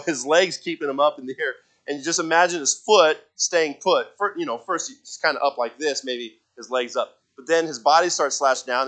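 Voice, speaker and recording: A man's voice: a little high, fairly bright tone. A man preaching in a conversational way, telling a family story with many restarts and repeated words, and acting out quoted lines in a raised voice. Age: adult father of a young child.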